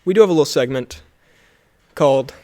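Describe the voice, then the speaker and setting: A man's voice: medium pitch, fairly quick, mellow. A man co-hosting a podcast in casual chat at a friend's home, joking and laughing often. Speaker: podcast co-host.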